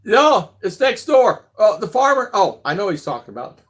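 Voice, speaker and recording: A man's voice: sits high, sing-song, moderate pace, fairly bright tone. Man, live-stream vlog host, casual rambling chat, reads comments aloud, frequent laughter. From abroad, living in the Philippines. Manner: rambling, chatty, laughs often.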